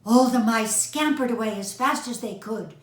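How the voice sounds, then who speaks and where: An older woman reading a children's story aloud in a gentle, expressive way. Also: fairly high pitch, moderate pace. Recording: echoey room.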